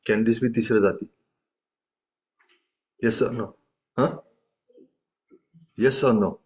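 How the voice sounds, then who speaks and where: A man's voice: medium pitch, steady tone, slow pace, darkish tone. A man teaching a tabla lesson, explaining patiently and often checking in with questions. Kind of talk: live music lesson. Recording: dull lo-fi audio.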